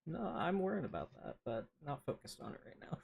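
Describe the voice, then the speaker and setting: A player in a tabletop game, casual and quick to laugh as they describe their character. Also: medium pitch, big pitch swings, creaky, a little mellow.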